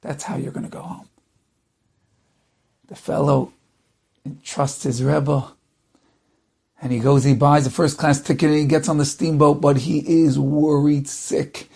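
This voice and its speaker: A rabbi tells a story with dramatic pacing, slowing down and speeding up for effect. His voice sits high and has a gravelly grain. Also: flat delivery, dark tone. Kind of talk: storytelling talk.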